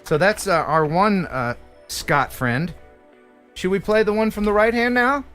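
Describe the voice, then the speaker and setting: A man's voice: high voice, unhurried, a bit bright, soft background music. A man from the USA hosting a live stream in casual chat, playful and joking, laughing often.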